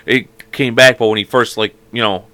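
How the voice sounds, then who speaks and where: A man co-hosting a casual sports podcast who tells stories rapidly and swears freely. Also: medium pitch, steady tone, sharp tone, no echo. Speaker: podcast co-host.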